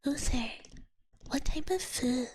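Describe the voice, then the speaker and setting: A woman streamer whispering in a soft, giggly, chatty way as she talks with her chat during a live ASMR stream, in a whispered role-play. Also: high voice, slow, breathy edge, no echo, rough recording.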